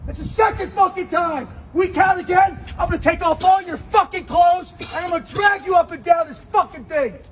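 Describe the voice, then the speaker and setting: Man, drill instructor, shouting, very high strained pitch, profane. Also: normal speed, hardly any pauses, slight background noise. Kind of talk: barking orders.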